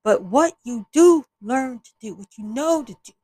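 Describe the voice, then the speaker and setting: A woman's voice: a little high, expressive, normal speed, darkish tone, rough recording. A woman hosting an opinion podcast, talking bluntly and with exasperation, often restarting her sentences. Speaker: podcast host.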